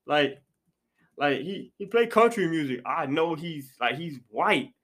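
A man's voice: on the high side, expressive, unhurried, a bit bright. A young man hosting a casual podcast chat, loose and slangy, repeating his phrases as he goes. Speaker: podcast host.

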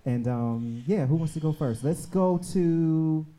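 A man hosts a live podcast taping on stage, talking casually and laughing easily. His voice sits a little high for a man yet sounds mellow and warm. He fills his sentences with "like" and "um". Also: a little slow. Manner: chatty, laughs often, filler-heavy. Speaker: podcast host. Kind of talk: live show hosting, casual chat. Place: live stage show before an audience.

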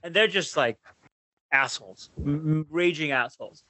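Man, podcast host, fairly high voice, bright and forceful, animated rambling story, swears a lot. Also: normal speed, dry recording. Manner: animated storyteller, swears, acts out his own rants. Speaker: podcast host telling a road trip story. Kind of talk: casual chat.

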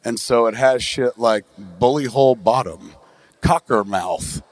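A man from New Jersey, middle-aged, spins a rambling, profanity-laced story as host of a live podcast. He talks on a theatre stage, slipping into little acted-out quotes of the people he met, with a plain, ordinary pitch that sits right in the middle of the male range. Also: a little slow, no echo. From New Jersey, USA.

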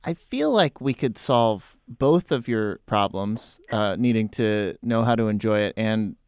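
Radio cohost guy, smooth lowish voice, dry and low-key. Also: expressive, measured pace, a little mellow, no room sound. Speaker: radio host. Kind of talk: casual radio chat.

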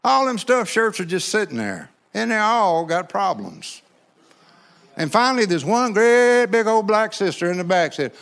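A man preaching in church has a high, creaky voice with a fairly bright tone, very animated at a normal speed. He tells a funny story in a folksy, joking way, and his sermon calls on the congregation to answer back.

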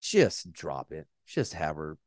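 A man's voice: very deep voice, very animated, takes it slowly, dry recording, clean studio sound. A man co-hosting a podcast, chatting casually in a rambling, joking way, with the odd swear word. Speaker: podcast co-host. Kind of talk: casual chat.

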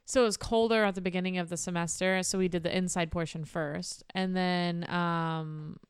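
Smooth-voiced woman ranting in a chat. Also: fairly low pitch, fairly even intonation, normal speed, dry recording, studio quality. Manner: emphatic, exasperated storytelling. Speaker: podcast co-host. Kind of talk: casual chat.

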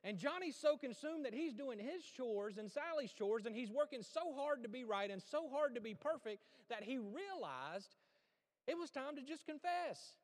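A man preaching a sermon in a folksy, conversational way, swinging between loud and hushed delivery. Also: extremely high pitch, lively intonation, moderate pace. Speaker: pastor. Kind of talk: sermon with storytelling. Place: church sanctuary. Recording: long church hall reverb.

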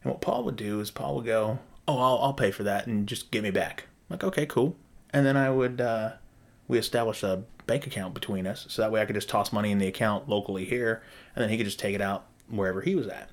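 A man's voice: fairly low pitch, quick pace. A man casually telling a long story about his rental properties, swearing freely and acting out both sides of conversations. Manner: profane, animated, acts out dialogue.

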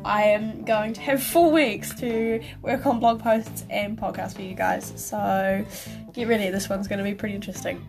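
A woman's voice: medium pitch, steady tone, moderate pace, gravelly, music in the background. Teary New girl rambling on a podcast. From New Zealand. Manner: rambling, apologetic, with many ums. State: voice rough from crying. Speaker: podcast host. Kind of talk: casual solo podcast update.

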